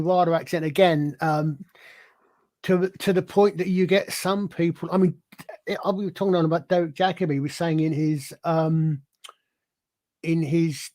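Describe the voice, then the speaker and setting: A man's voice: fairly high pitch, fairly even intonation, moderate pace, a little mellow. A man hosting a casual live-stream discussion, rambling with many restarts and fillers. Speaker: stream host.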